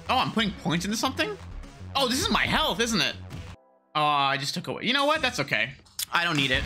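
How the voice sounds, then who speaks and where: A gaming video creator doing let's play commentary, excitable, laughing a lot and yelling and swearing at the game. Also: mid-range voice, fairly quick. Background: game music.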